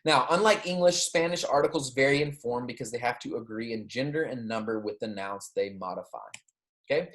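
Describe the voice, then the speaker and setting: A man teaching a Spanish grammar lecture, explaining patiently, checking in often with "okay?" and "right?", and pronouncing the Spanish examples slowly and clearly. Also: mid-range voice, a bit bright. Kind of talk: recorded classroom lecture.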